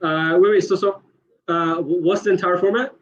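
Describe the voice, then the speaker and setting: A man debating over a call, talking in a rapid, hurried way. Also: high voice, steady tone. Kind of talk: casual chat on a call. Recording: dull lo-fi call audio.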